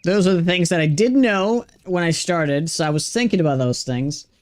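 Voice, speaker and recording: A man's voice: fairly high pitch, normal speed, clean tone. Chatty Swedish-accented young man streaming. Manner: chatty, self-deprecating, many restarts and fillers. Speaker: game streamer. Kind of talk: casual chat while gaming.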